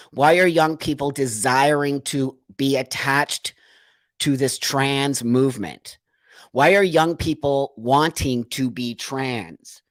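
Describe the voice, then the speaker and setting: A man's voice: mid-range voice, dry recording. A man hosting a livestream, talking in an earnest, emotional monologue full of repeated rhetorical questions. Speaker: livestream host.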